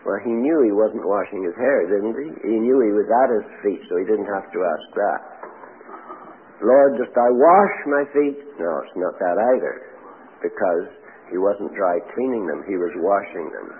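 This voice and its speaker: A male preacher with a very deep voice talks through a sermon in a relaxed, conversational way. He punches key words when he reads scripture aloud. The recording is narrow and phone-like, with a faint hiss underneath. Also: normal speed. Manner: conversational, animated emphasis when quoting scripture. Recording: tinny lo-fi radio broadcast with faint hiss.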